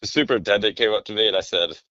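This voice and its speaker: A man in casual podcast chat, telling rambling, animated stories and swearing often. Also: on the low side, very fast, dry recording, muffled recording.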